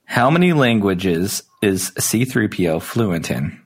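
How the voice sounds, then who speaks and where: A man's voice: on the low side, very animated, unhurried, breathy edge. A man co-hosting a casual podcast trivia game, playful and teasing. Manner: playful, teasing, laughs easily. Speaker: quiz co-host.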